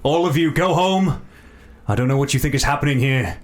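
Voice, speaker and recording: A man's voice: mid-range voice, fairly quick, voice pushed up, lightly acted. A man voicing a stern male swordsman who orders a crowd to go home. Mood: commanding. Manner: commanding, clipped orders.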